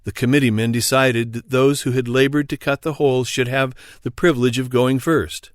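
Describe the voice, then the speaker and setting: A man narrating an audiobook in a steady, even storytelling read. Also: medium pitch, moderate pace, no echo, studio quality. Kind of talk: scripted narration.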